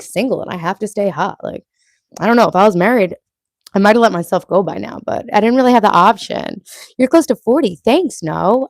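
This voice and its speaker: A woman's voice: mid-range voice, animated, normal speed, creaky, a little mellow, no room sound. Brash chatty woman in her late thirties. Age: late 30s. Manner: reads viewer comments aloud and answers them, brash and chatty, swears freely. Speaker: livestream host. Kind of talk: casual livestream chat.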